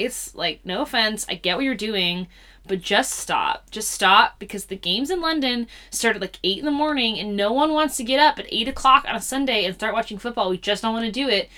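A young woman chatting on a sports podcast with a bright, forward voice. She is playful and jokey, teasing her co-host. The talk is loose and casual. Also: mid-range voice. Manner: playful, jokey, makes sound effects. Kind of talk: casual chat.

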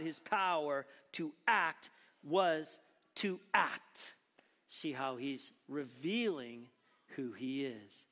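A man with a high voice preaches to his congregation, shifting from easy conversational explanation to pointed, emphatic questions. His words ring out with a long reverb, as in a large church sanctuary. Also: fairly bright tone. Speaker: pastor. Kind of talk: sermon.

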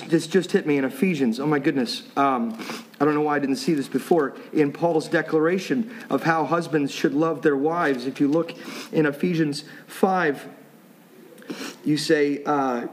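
A man's voice: a little high, steady tone, normal speed, slight background noise. A middle-aged man preaching a sermon as a pastor, in a conversational way with restarts and joking asides. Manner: conversational, self-interrupting, jokey asides.

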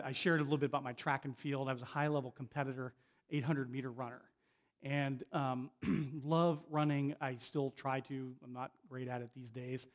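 A middle-aged man gives a sermon as a guest preacher, his voice sitting a little higher than most men's. He talks in a conversational, unpolished way, repeating and restarting words as he goes. He slows right down on the points he wants to land.

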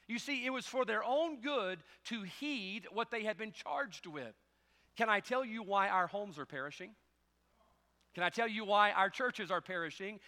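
Gravelly, bright-voiced male preacher. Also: high voice, big-room sound. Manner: swings between loud preaching and quiet joking asides. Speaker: pastor. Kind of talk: sermon. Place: church sanctuary.

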